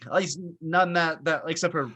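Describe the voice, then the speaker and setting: A man with a bright, forceful voice and a fairly high pitch talks in a casual chat. He recaps stories quickly and with animation. The sound is dry and close. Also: steady tone, no echo. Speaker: co-host.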